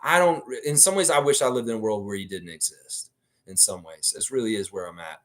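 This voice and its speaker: A blunt sports livestream host chats casually and reads out viewer comments. His voice is fairly low and fairly bright, and he talks a little fast. He swears freely and refers to himself in the third person.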